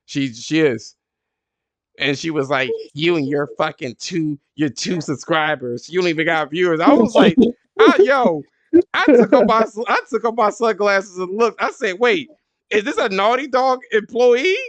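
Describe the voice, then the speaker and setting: A man hosting a casual podcast, telling stories in an animated, profane way and jumping high when he quotes people. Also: moderate pace, no echo. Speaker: podcast host.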